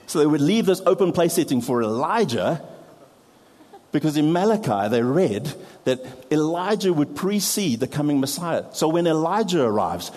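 A pastor delivers a sermon to his congregation in a mellow, dark-toned voice that sits on the high side. He explains things patiently using props and now and then pokes fun at himself, while long reverb lingers in the hall.

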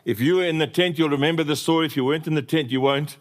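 A South African man preaching a sermon, telling stories in a lively way. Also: fairly high pitch, racing. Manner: lively storytelling with laughter.

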